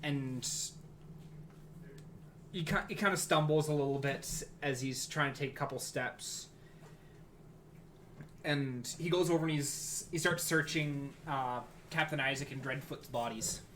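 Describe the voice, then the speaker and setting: A man's voice: medium pitch, unhurried, long pauses, a bit bright, slight background noise. A man narrating as game master in a casual, rambling way.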